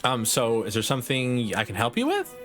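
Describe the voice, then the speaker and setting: A man's voice: medium pitch, huge pitch swings, brisk, music in the background. A man voicing a polite, earnest young prince in a slightly raised, eager voice.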